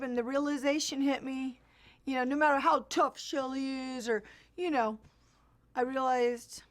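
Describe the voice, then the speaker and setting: A woman giving a halting personal testimony in an interview, with frequent restarts and fillers. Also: sits high.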